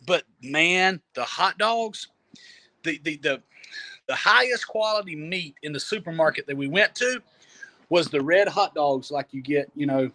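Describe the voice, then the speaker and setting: A man telling a travel story in a casual, animated way, often laughing and repeating words as he goes. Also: a little high, a little slow. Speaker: storyteller guest. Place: Jamaica.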